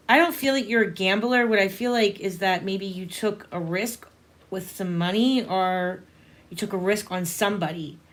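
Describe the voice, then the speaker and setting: A woman's voice: mid-range voice, a bit bright. A woman hosting a live tarot reading, chatting casually with viewers and calling them honey. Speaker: tarot reader and livestream host.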